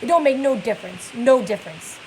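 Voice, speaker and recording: A woman's voice: a little high, animated, brisk, vocal fry, a little hiss or hum, poor audio. A woman reading the lines of a weary, bitter middle-aged male stable hand in a plain read-aloud voice.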